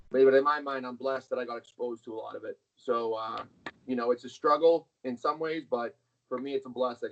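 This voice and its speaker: A man's voice: medium pitch, a little hiss or hum. A middle-aged man, a guest on an interview, telling stories casually and bluntly, swearing freely. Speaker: interview guest, arm wrestler. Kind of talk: casual storytelling. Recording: dull lo-fi sound.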